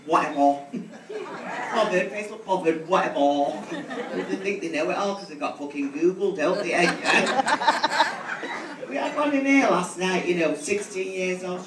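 A man's voice: high voice, moderate pace, crowd noise. A man doing bawdy drag stand-up, teasing audience members with brash, crude banter. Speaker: drag comedian. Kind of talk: live stand-up with crowd work. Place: large theatre stage. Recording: distant echoey live theatre recording. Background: audience laughter.

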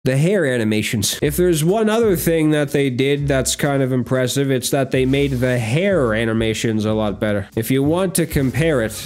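A young man in casual game commentary, rambling and weary, dropping to flat mutters and then jumping up in bursts, speaking into a desk microphone. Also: mid-range voice, moderate pace, few pauses. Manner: weary, rambling, swinging between flat mutters and excited outbursts. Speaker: gaming video creator. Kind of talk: casual live commentary while opening packs.

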